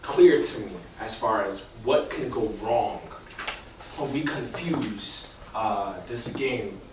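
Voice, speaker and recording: A man's voice: medium pitch, takes it slowly, a little mellow, slight background noise. A young man preaching a casual sermon in a chatty way full of fillers and slang, recorded in a church hall away from the mic. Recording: echoey hall from far off.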